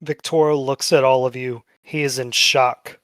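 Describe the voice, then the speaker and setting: A man narrating a tabletop game as game master, casual and swearing freely, slowing down for dramatic moments. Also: medium pitch, steady tone, a bit bright.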